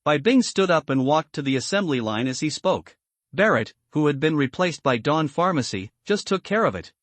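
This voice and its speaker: A man reading a translated comic story aloud as a recap narrator, in a steady, even manner. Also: on the high side, moderate pace, no room sound.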